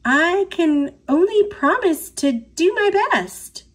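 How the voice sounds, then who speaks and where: Lady reading a kids book doing a quiet new girl at school, high voice, soft and earnest. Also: big pitch swings, slow pace, heavily acted. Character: shy new schoolgirl, young, quiet but brave. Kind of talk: picture book read-aloud.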